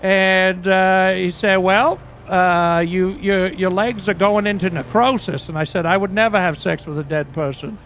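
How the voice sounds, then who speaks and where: A man playing a crude, high-voiced rock star. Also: fairly even intonation, a little slow, few pauses, fairly bright tone, slight background noise. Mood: rambling. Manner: rambling, profane storytelling. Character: crude, boastful aging male rock singer. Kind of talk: role-play livestream.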